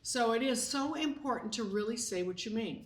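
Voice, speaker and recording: A woman's voice: a little high, lively intonation, brisk. A woman hosting a casual talk show with her husband, chatty and acting out little everyday dialogues. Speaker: host. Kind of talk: casual chat. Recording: echoey room, mic at a distance.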